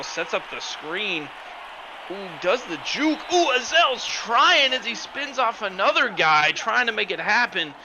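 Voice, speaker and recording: Excitable man calling football play-by-play. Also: a little high. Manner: excitable, bursts into shouts on big plays. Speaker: play-by-play commentator. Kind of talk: play-by-play commentary of a simulated football game. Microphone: home microphone that distorts when he yells. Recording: loud game crowd and noise underneath. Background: stadium crowd sound from the game.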